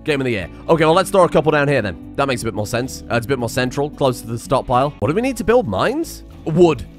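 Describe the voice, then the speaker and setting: A young man giving excitable, sarcastic let's-play commentary and laughing often. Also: medium pitch, fast, faint music behind. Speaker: gaming channel host.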